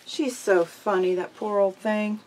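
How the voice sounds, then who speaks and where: A woman's voice: medium pitch, measured pace, darkish tone, slight background noise. An older woman chatting casually to camera as a craft vlogger at her table at home, rambling and giggling easily.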